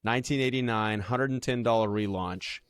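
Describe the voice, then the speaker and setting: Man, podcast co-host, casual chat, animated, dry close sound. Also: medium pitch, moderate pace, smooth, no room sound. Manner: animated, thinks aloud with many restarts.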